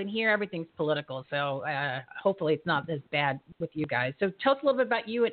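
A woman hosting a live show, talking to her guests in an enthusiastic, teasing way. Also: mid-range voice. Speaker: show host. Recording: tinny phone-like line.

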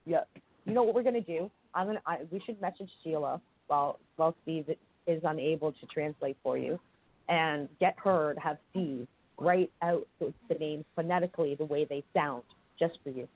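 A man co-hosting a podcast in casual chat, excitable and playful, with a stuffy nose that makes him sound nasal. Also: fairly high pitch, no room sound. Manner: excitable, playful, quick to interject. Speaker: podcast co-host. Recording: tinny phone-line sound.

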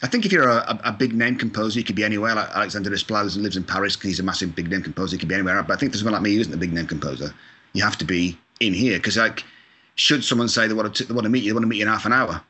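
Chatty Scottish-born man, quick and bright. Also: fairly low pitch, husky. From Scotland. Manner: chatty, self-deprecating, mild swearing, many fillers. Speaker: video game composer, guest. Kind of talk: casual interview chat. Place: lives in California.

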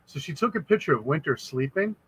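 A man, a podcast guest, telling a spooky personal story in a casual, animated way, acting out the voices of people in it. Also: a little high, fairly quick, slightly rough, poor audio. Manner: animated, acts out quoted voices.

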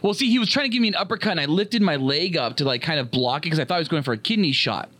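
A man co-hosting a podcast, telling crude stories in an animated, casual way. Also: on the high side, rapid-fire. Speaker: podcast co-host. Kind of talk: casual chat.

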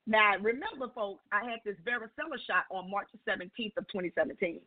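Over a telephone, a woman calling into a show shares a testimony as animated storytelling. She talks fairly quickly and expressively, acting out dialogue with big jumps in pitch.

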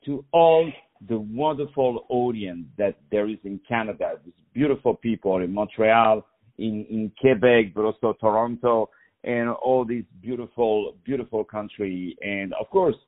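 A man's voice: lowish voice, measured pace, phone-quality sound. A man hosting a radio interview, effusive and full of repeated praise. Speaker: radio host. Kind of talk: enthusiastic interview.

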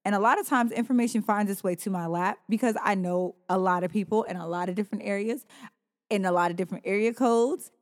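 A woman's voice: medium pitch, quick pace, big-room sound. A woman co-hosting a podcast in casual chat, blunt and emphatic, with some swearing. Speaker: podcast co-host.

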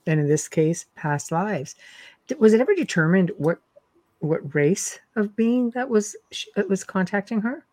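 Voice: mid-range voice, lively intonation, normal speed, darkish tone, dry recording. A host musing aloud in a reflective, chatty way and laughing easily. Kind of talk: interview, casual chat.

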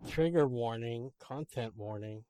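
A man's voice: mid-range voice, unhurried, warm tone, clean tone. A man joining a casual podcast chat, adding jokes and laughing along.

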